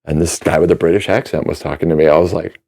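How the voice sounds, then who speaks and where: A man with a deep voice and a warm, mellow tone tells a story as a podcast guest. He is animated and acts out the voices of the people in his story. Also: quick pace, gravelly. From Minnesota. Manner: animated storyteller acting out quoted dialogue. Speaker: musician guest.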